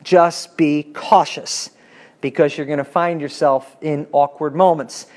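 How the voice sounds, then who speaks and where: A man in his fifties teaching a Bible class in a conversational lecture style, animated and chatty with asides to his students. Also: unhurried. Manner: animated, pitch swinging up when emphatic.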